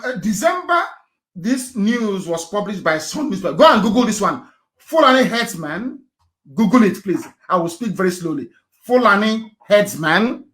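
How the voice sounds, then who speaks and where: Fiery man, high voice. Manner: fiery and rhetorical, swinging from loud outbursts to low muttering; repeats phrases and asks rhetorical questions. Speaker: activist leader giving a live broadcast. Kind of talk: impassioned political broadcast.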